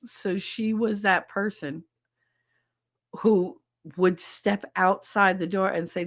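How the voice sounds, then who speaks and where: A middle-aged woman hosting a livestream podcast, chatting casually with viewers and telling animated stories with frequent swearing. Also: mid-range voice, slow. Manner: animated storyteller who swears freely.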